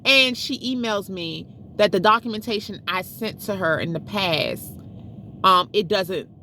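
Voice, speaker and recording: A woman's voice: mid-range voice, measured pace, sharp tone, a little hiss or hum. A middle-aged woman telling a frustrating story to her viewers in a chatty, exasperated way, talking straight to them as y'all. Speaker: vlogger. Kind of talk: casual storytelling vlog.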